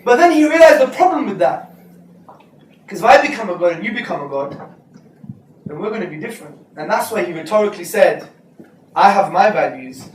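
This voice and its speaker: A man giving a lively, joking lecture to students, slipping into street slang. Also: sits high, brisk, pauses often, a little hiss or hum. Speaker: Islamic speaker. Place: lecture hall. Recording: echoey hall recorded from far off.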